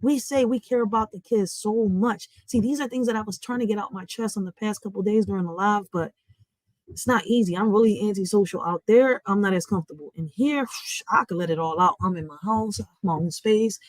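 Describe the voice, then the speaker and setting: A woman's voice: medium pitch, a little fast, no echo, rough recording. A woman, hosting a livestream from home in an impassioned, preachy rant, swearing freely. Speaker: livestream host.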